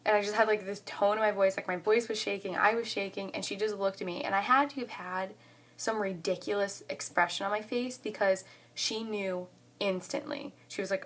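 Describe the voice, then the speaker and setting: A young woman in her twenties telling a story to the camera in a casual vlog, excited and chatty, saying "like" often. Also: medium pitch, fairly quick. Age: 20s. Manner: excited and chatty, heavy use of "like". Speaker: college student vlogger.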